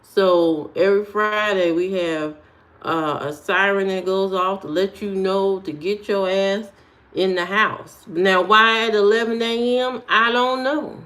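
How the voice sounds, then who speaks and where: A woman's voice: mid-range voice, fairly even intonation, a little slow, a bit bright. An American woman streaming and answering chat in a sassy, joking, slangy way, talking straight to her viewers with frequent fillers. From United States. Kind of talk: casual chat.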